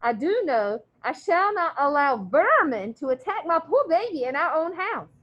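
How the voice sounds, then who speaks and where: Woman reading as a stern foster mother, prim, slow, formal, lively high voice. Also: dull audio. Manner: formal, clipped, slow and haughty.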